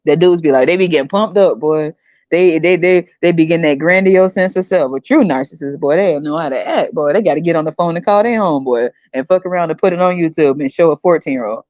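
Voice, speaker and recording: A woman's voice: low voice, fast talker, a little mellow, no echo. Blunt, mocking woman podcaster. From United States. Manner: blunt, mocking, slangy, laughs often. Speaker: podcast host. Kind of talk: casual commentary. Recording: dry, slightly dull recording.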